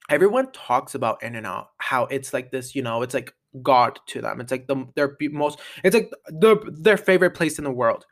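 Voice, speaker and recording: A man's voice: mid-range voice, fairly bright tone. A young adult man hosting a casual solo podcast, rambling and chatty, full of "like" and restarts. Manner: rambling, chatty, heavy use of "like", many restarts. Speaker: podcast host.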